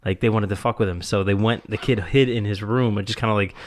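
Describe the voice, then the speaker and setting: A man's voice: fairly low pitch, fairly even intonation, fast. Male podcast host, casual chatty storyteller, frequent laughter. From US Northeast. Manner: rambling storyteller, laughs often, lots of "like". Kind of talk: casual chat.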